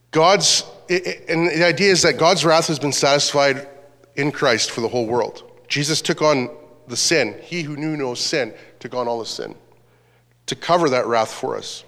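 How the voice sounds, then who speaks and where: A man's voice: mid-range voice, lively intonation, normal speed, fairly bright tone, in a large hall. A man preaching a sermon as pastor, earnest, reading scripture aloud.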